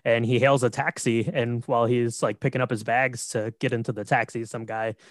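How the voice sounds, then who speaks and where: A man co-hosting a casual chat, retelling a film in a relaxed, agreeable way. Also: medium pitch, brisk, no room sound, clean studio sound. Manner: relaxed, agreeable, frequent affirmations. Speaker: podcast co-host.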